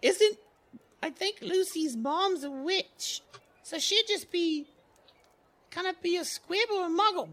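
Hesitant, falsetto-high young witch girl, played by a man, tabletop game character. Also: a bit bright, full character voice. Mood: puzzled. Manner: halting, hesitant questions. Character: timid, nervous young schoolgirl witch.

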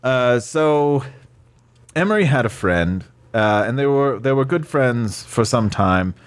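A man's voice: medium pitch, animated, a little slow, smooth. A man in a tabletop role-play chat, questioning witnesses in a mock trial, talking hesitantly with many fillers and restarts.

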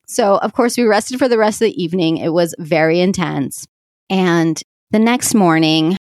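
A woman's voice: fairly low pitch, dry recording, studio quality. A woman coach speaking in a reflective solo podcast monologue, heartfelt and effusive, laughing often and using many fillers.

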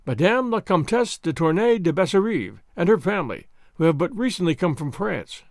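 A man's voice: high voice, big pitch swings, normal speed, no echo, clean studio sound. A man voicing a courteous English lord with a ceremonious, deferential manner. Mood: formal.

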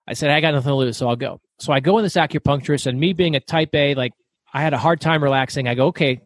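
A middle-aged man telling stories as a guest author in an interview, talking fast and loud. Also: on the high side, dry recording. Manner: fast, loud, animated storyteller. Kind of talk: storytelling interview.

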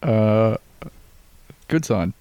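A man's voice: lowish voice, expressive, extremely slow, warm tone, smooth, no room sound, muffled recording. A man co-hosting a casual podcast, rambling and exasperated, swearing freely. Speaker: podcast co-host. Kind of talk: casual comedic podcast chat.

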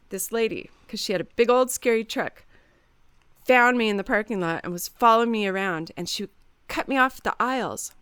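A woman's voice: medium pitch, smooth, dry recording. A woman, a mother in her thirties, chatting casually and acting out quoted lines as she tells stories. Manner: animated storyteller, acts out quotes. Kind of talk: casual chat.

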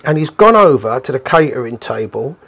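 A middle-aged man hosting a podcast, telling a story in an animated way and acting out the voices of the people in it. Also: medium pitch, a little fast, creaky, breathy edge. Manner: animated, acts out the quoted voices of people in his stories. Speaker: podcast host. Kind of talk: storytelling monologue.

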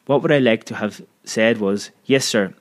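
Low-voiced man reading a story aloud. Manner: measured, vivid storytelling. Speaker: narrator. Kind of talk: scripted audiobook narration.

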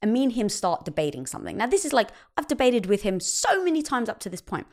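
A woman talking in a relaxed conversational way. Her voice rises and falls a great deal as she tells a personal story. She acts out the quoted lines of dialogue. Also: fairly high pitch, fast. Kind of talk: casual conversation.

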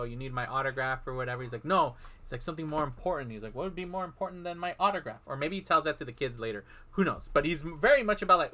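A man's voice: mid-range voice, sharp tone. A man in casual chat, animatedly retelling a film plot and acting out the characters' lines.

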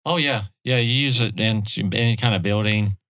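A man's voice: lowish voice, normal speed, a bit bright. An American man co-hosting a casual podcast, joking and ribbing the others. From United States. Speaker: podcast co-host. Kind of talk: casual chat.

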